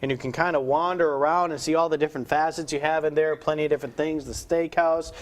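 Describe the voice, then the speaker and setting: A man's voice: on the high side, fairly even intonation, fast talker. A man hosting a morning TV show, chatting with a guest chef in the studio.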